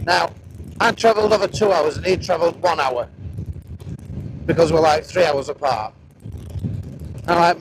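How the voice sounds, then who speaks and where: Chatty Northern English biker over engine noise. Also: male voice, a little high, normal speed, pauses often. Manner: chatty, swears a lot, rambling storytelling. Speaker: motovlogger. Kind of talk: casual chat while riding. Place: outdoors on a moving motorcycle. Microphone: helmet-mounted action camera mic.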